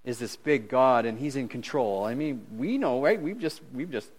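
A middle-aged man preaching a conversational sermon as pastor, animated and swinging between loud and hushed, chuckling at his own jokes. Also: mid-range voice, moderate pace.

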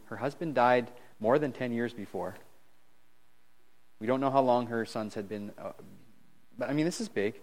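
A middle-aged man preaching a conversational sermon as pastor, animated and swinging between loud and hushed, chuckling at his own jokes. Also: medium pitch, moderate pace, pauses often.

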